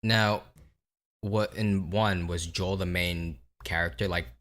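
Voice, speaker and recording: A man co-hosting a podcast, chatting casually about video games in a relaxed, teasing way and swearing now and then. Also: sits low, slow pace. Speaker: podcast co-host.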